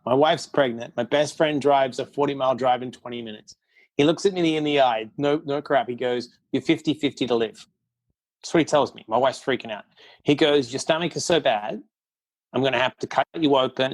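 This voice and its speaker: A middle-aged man appears as a podcast guest in a casual storytelling interview, speaking at an ordinary pitch. He recounts his story bluntly, candidly and without polish, acting out other people's quoted words along the way.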